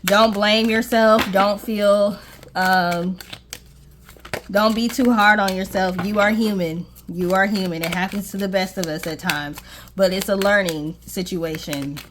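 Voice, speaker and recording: A woman's voice: mid-range voice, fairly even intonation, a little slow, noisy background. A woman giving a casual tarot reading to viewers, reassuring and checking in with "okay?" often. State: briefly out of breath. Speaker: tarot reader.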